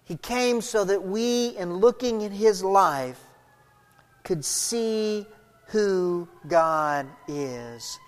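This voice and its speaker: A woman pastor preaching a sermon verse by verse, swinging between loud emphatic stretches and quiet low passages. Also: very slow. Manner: expository, walks through a scripture passage verse by verse. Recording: long hall reverb.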